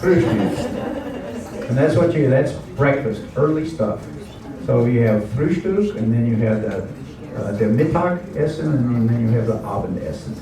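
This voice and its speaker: A man's voice: mid-range voice, animated, normal speed, a crowd in the background. A man teaching a language class in a chatty way, repeating words and explaining them with asides. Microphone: camera mic at a distance. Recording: very echoey room, distant camera mic.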